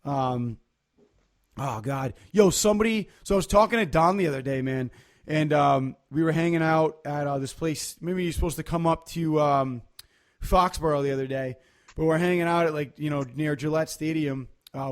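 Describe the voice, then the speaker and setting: A man's voice: a little high, normal speed. Rambling man on a casual podcast. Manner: rambling, loose storytelling with many fillers. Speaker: podcast co-host. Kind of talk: casual chat.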